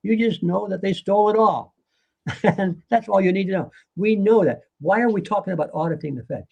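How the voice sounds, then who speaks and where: A man's voice: high voice, brisk, gravelly, warm tone, breathy edge, muffled recording. An older man, a guest author in a live conversation, speaking earnestly and lecturing, with occasional laughs.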